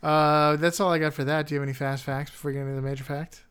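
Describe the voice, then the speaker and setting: A man's voice: a little high, level tone, very fast, fairly bright tone, smooth. A man co-hosting a casual podcast, telling stories loosely with lots of "like" fillers and dry puns while running a quiz. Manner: loose storytelling with many "like" fillers, dry wordplay. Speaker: podcast co-host presenting facts and quiz. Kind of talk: casual chat.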